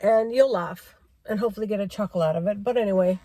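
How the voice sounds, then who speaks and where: A woman's voice: mid-range voice, fast talker, mellow, no echo. A middle-aged woman vlogger in a car, giving a rambling driving-safety rant and repeating herself for emphasis.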